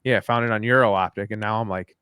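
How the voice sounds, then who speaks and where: A man's voice: fairly low pitch, fairly even intonation, quick pace, pushed and bright, clean tone, no room sound, studio quality. A man co-hosting a live podcast, chatting loosely and rambling, swearing casually. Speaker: podcast co-host. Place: at home after dinner.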